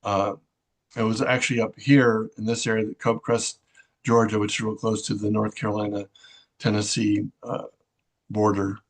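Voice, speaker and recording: A middle-aged man tells a personal story in a low, fairly monotone voice. He speaks haltingly, with frequent fillers and restarts.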